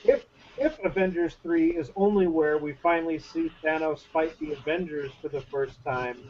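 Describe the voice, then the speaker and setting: A man's voice: a little high, a little mellow, slight background noise. A man co-hosting a casual podcast chat, thinking aloud and hedging his points. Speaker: podcast co-host. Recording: dull lo-fi audio with faint ambience.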